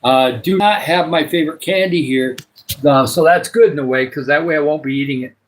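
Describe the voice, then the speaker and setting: Older Michigan man, livestream host, meandering casual chat, filler-heavy, voice sits a bit high. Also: brisk, low-quality recording. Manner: rambling, many filler uhs. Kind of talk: casual live chat with viewers.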